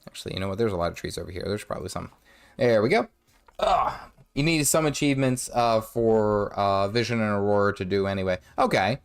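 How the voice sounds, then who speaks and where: A man chatting his way through a game stream with a lively, bouncing pitch. His throat is sore and his voice cracks now and then, and he rambles, restarts sentences and hums little nonsense tunes to himself. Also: brisk, smooth. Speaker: gaming streamer. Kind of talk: casual live-stream commentary while playing.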